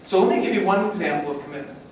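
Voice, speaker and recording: A middle-aged man giving a motivational stage talk with a joke story, an energetic storyteller who slips into high acted voices, recorded from a distance in a large conference hall. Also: racing, a little hiss or hum. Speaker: event speaker. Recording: echoey hall, distant mic.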